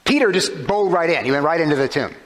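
A man's voice: fairly high pitch, lively intonation, quick pace. A man preaching a sermon, explaining scripture with rhetorical questions and shifting emphasis. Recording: long hall reverb.

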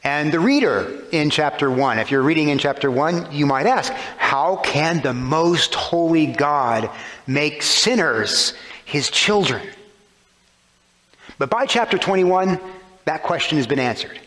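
A man's voice: fairly high pitch, lively intonation, measured pace, fairly bright tone. A man preaching a sermon, explaining scripture with rhetorical questions and shifting emphasis. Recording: long hall reverb.

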